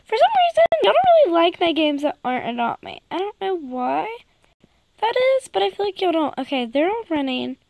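A woman chatting excitedly to her viewers while commenting on her gameplay. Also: extremely high pitch, brisk, gravelly, dry recording, rough recording. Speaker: gaming YouTuber.

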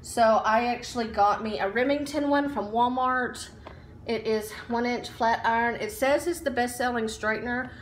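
A woman shows off her shopping in a relaxed, chatty vlog, full of ums and likes. Her voice sits a little high, and it echoes off the walls of a room at home with a faint hum behind it. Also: moderate pace. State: out of breath while standing. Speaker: vlogger. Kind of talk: casual haul chat.

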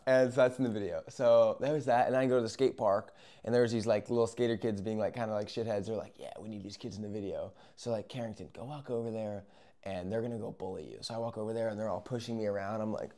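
A young man telling a casual, rambling story, acting out moments with yells and whispers. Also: fairly low pitch, fairly even intonation, fast. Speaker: vlogger.

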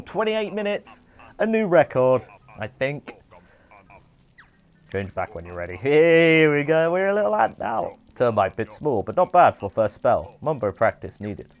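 Excitable man commentating gameplay. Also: medium pitch. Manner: excitable, chatty, quick exclamations and cheers. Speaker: streamer hosting a speedrun.

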